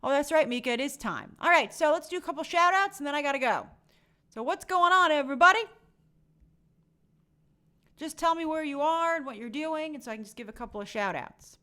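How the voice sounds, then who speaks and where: Brief: young adult woman, slightly high voice, casual chatty live-stream host reading viewer shout-outs. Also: animated, fairly quick. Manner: chatty, friendly, reads names aloud.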